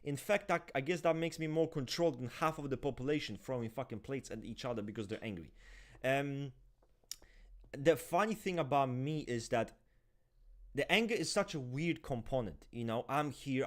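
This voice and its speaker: A man hosting a casual typology show, talking to viewers in a profane, animated, ranting way and acting out the people he quotes in exaggerated voices. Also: mid-range voice. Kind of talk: casual unscripted chat with viewers.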